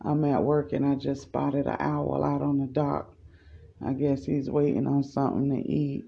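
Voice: medium pitch, completely flat delivery, gravelly, breathy edge. A podcaster in their forties, talking at work in a casual, rambling monologue and thinking aloud. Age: 40s. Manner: slow, unhurried, thinking aloud. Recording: dull lo-fi voice message.

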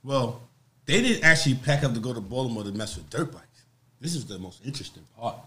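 A man's voice: mid-range voice, brisk. A man from Harlem with a New York accent, a podcast guest telling rambling, profane stories in casual chat. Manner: animated, profane, rambling storyteller.

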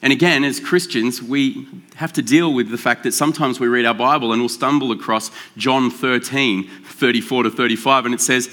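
Man, pastor, casual sermon, bright voice, jokey and conversational. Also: medium pitch, steady tone. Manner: conversational and joking, with drawn-out emphasis.

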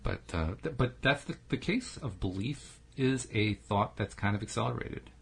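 A man's voice: on the low side, animated, moderate pace, creaky, fairly bright tone, breathy edge. A middle-aged man co-hosting a podcast, chatty and telling stories with frequent laughs. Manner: chatty, storytelling, laughs often. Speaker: podcast co-host. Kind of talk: casual podcast chat.

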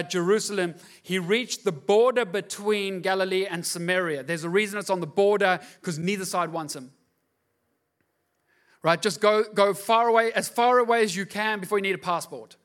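Bright-voiced pastor preaching casually. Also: male voice, high-pitched, normal speed. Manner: conversational and joking, asks the crowd "right?". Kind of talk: sermon.

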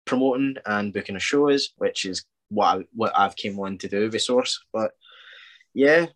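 A man's voice: lowish voice, normal speed, fairly bright tone. Male guest, sniffly, eager and upbeat in casual conversation. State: sniffly from a cold. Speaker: guest, wrestler and promoter. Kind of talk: casual chat.

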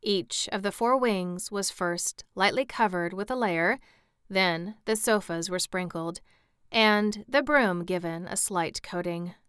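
A woman reads a children's storybook aloud with a steady, expressive delivery. Her voice is bright and exceptionally clear, recorded close with no room echo. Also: mid-range voice, slow pace. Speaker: narrator. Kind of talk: storybook reading.

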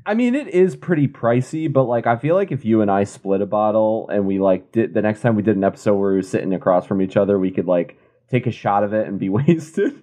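A man's voice: lowish voice, lively intonation, brisk, few pauses, mellow. Laid-back joking male co-host. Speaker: podcast co-host. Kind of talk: casual chat.

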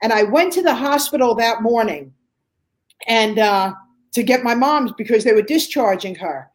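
Animated older woman telling her story. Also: moderate pace, low-quality recording. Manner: animated storyteller, acting out quotes with big pitch jumps. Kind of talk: emotional personal testimony.

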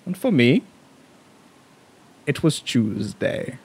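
A man's voice: mid-range voice, sing-song, takes it slowly, slightly rough, heavily acted. A man imitating a pompous villain dictator. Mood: grandiose. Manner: pompous, grand pronouncements. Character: grandiose male villain dictator, smug and theatrical. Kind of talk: movie line impression.

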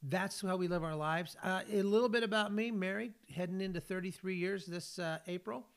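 A man's voice: high-pitched, a little fast, smooth. A man in his sixties from California hosts a faith podcast, telling personal stories in an earnest, folksy way. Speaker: podcast host and ministry leader.

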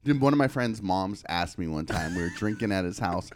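A man's voice: low-pitched, animated, brisk, no echo, clean studio sound. A man co-hosting a podcast, swearing freely and acting out other people's lines as he tells a story. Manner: profane, storytelling, acts out quotes. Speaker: podcast co-host. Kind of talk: casual chat.

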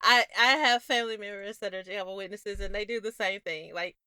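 A young adult woman co-hosting a podcast, telling stories in a casual, animated way, laughing often. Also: mid-range voice, brisk, clear, resonant tone. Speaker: podcast co-host. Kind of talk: casual chat.

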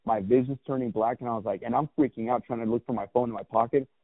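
A man's voice: mid-range voice, steady tone, fast. Casual guy in his 30s telling his story, swears a lot, keeps restarting, sounds like a phone line, no room echo. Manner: candid, rambling, with frequent restarts and swearing. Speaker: guest, clothing brand founder. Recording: tinny phone-like dry sound.

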